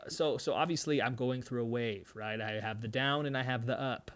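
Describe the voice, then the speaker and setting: A man hosting a mental health show, talking casually to his viewers in an energetic, emphatic way and laughing often. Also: medium pitch, a little fast, few pauses, dry recording. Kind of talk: casual monologue to camera.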